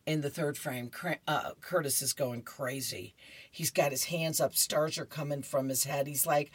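A woman's voice: deep voice, moderate pace, slightly rough, no echo. A woman radio reader describing newspaper comics, chatty, with laughing asides between panels.

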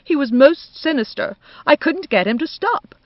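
A woman's voice: high-pitched, big pitch swings, unhurried, no room sound, dull audio, voice pushed up. A woman voicing a languid, fretful young man who speaks in a plaintive, dreamy way.

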